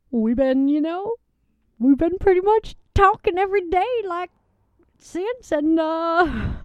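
A woman's voice: high-pitched, a little mellow, no echo, voice pushed up. A woman playing a folksy, lovestruck woman who rambles, gushes and gets tearful in a comedy bit. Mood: giddy tearful. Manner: rambling, gushing, tearful, dialect-heavy. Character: folksy lovestruck Southern woman, giddy and emotional. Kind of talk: improvised comedy character bit. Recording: dull lo-fi recording.

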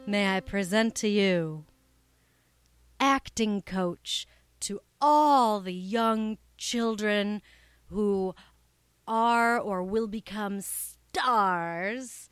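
A young woman chats playfully as host of a comedy podcast, giggling often between stories. She talks slowly, and her voice sounds dry and close. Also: mid-range voice, smooth, dry recording. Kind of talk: casual comedy podcast chat.

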